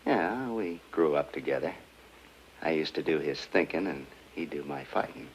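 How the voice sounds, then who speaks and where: A man's voice: a bass voice, animated, moderate pace, a little hiss or hum. An actor playing a nervous male small-time crook in a 1940s film, jumpy and defensive. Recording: muffled old film soundtrack with music.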